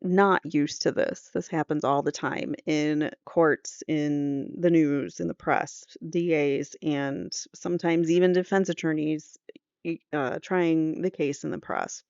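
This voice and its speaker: A woman hosts a true crime court channel, reading transcripts aloud and stopping to weigh in with blunt, chatty opinions. Her voice is smooth and clear. The sound is dry and close, with a slightly dull, muffled tone. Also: low voice, steady tone, slow, darkish tone, no echo. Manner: opinionated, conversational asides. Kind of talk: reading trial transcript with commentary.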